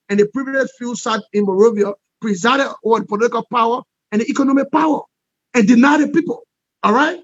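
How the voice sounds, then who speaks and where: A man's voice: extremely high pitch, dry recording. A man from Liberia, speaking as an interview guest and peace expert in impassioned political commentary, emphatic and repetitive, checking in with the listener again and again. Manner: emphatic, repetitive, punctuates points with "all right?". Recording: dull lo-fi dry sound.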